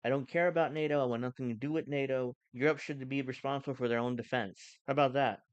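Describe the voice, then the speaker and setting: A man's voice: medium pitch, steady tone, fast talker, no echo, highs cut off. A man hosting a casual live stream, reacting to news clips with sarcastic, mocking rants. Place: home, cooking during stream.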